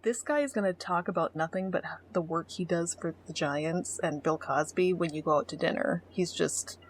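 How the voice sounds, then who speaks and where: A middle-aged woman co-hosting a podcast, blunt and sarcastic, swearing freely as she reads a dating profile aloud. Her voice sits a little low for a woman. A faint hiss runs under the recording. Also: normal speed. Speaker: podcast co-host. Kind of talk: casual chat, reading a dating profile aloud.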